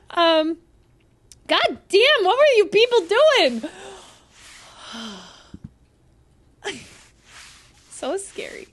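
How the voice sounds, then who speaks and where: A young woman with a high, bright-pitched voice streams a spooky game and talks straight to her chat. She is easily startled and curses freely, breaking into squeals and giggles. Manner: jumpy, swears, shrieks and laughs when startled, chats to viewers.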